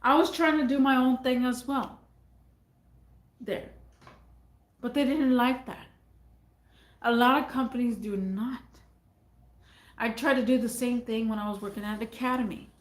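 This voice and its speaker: A woman's voice: fairly high pitch, fairly even intonation, unhurried, pauses often. A woman vlogger talking casually to her viewers in a rambling way, often repeating her phrases. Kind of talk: casual talk to camera. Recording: echoey room.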